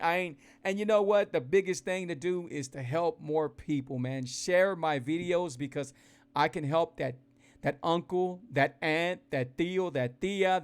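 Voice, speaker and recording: A keto weight-loss vlogger livestreams from indoors on his phone, talking to his followers casually and energetically in a slightly high, clean-toned voice. He's animated and folksy, repeats himself a lot, and addresses viewers directly about his eating.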